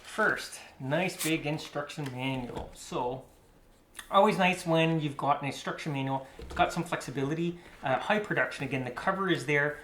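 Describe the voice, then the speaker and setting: A man's voice: on the high side, moderate pace, fairly bright tone. A man giving casual, rambling commentary while unboxing a board game, with lots of fillers and asides. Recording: echoey room with faint noise.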